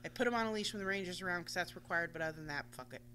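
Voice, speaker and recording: A woman telling a long casual story on a radio talk show, animated and swearing freely, acting out the voices she quotes. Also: on the low side, very fast, slight background noise.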